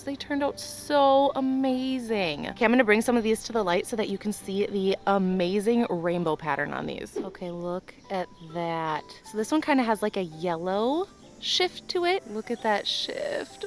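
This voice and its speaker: Excitable young woman with a lively voice. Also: mid-range voice, moderate pace, faint music behind. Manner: excitable, gasping and laughing. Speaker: rock tumbling channel host. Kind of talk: casual vlog narration.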